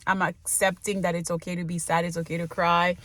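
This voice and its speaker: A woman's voice: lowish voice, flat delivery, fairly quick, a bit bright, no echo. A woman in her late twenties talking casually in a vlog, rambling with lots of fillers and laughs. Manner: munching while talking. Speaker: vlogger.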